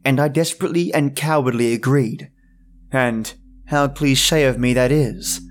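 A man hosting a podcast, narrating horror stories in a measured, dramatic reading. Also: medium pitch. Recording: soft music bed.

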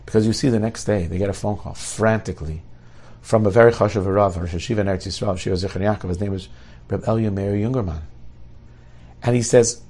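Fast-talking gravelly man telling a story. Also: on the low side, fairly even intonation, darkish tone. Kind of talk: oral storytelling.

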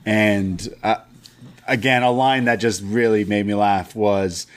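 A man co-hosting a wrestling review podcast, recapping matches in casual chat and acting out quoted lines in lively bursts. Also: on the low side, measured pace.

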